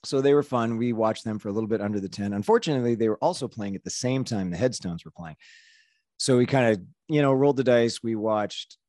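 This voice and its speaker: A man's voice: medium pitch, fast, a little mellow, no echo, studio quality. A middle-aged man hosting a podcast in casual chat, a rambling storyteller who laughs often. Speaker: podcast host.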